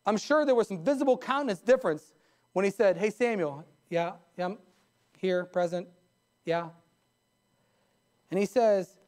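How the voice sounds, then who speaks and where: A man's voice: sits high, expressive, normal speed, pauses often, darkish tone. A man preaching a sermon from the pulpit in a church, telling stories in a folksy, colloquial way. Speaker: pastor. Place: church sanctuary.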